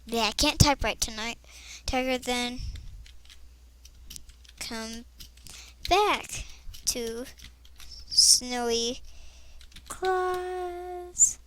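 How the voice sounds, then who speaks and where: A young girl chatting to herself as she plays an online game, excitable and rambling. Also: fairly high pitch, very slow, pauses often, slight background noise. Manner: chatty, excitable, talks to herself while playing. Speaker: gameplay vlogger. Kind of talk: casual commentary over online game play.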